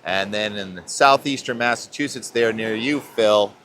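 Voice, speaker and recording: A man's voice: fairly low pitch, unhurried, a bit bright, a little hiss or hum. Chatty man forecasting outdoors. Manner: chatty, rambling, thinking aloud. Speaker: weather vlog host. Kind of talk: casual weather talk. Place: outdoors on a beach. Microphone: clip-on mic.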